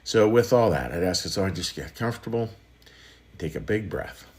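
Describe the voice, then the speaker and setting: Low-voiced man preaching casually. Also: lively intonation, moderate pace. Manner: warm, conversational, repeats phrases with many restarts. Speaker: pastor. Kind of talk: sermon. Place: church livestream.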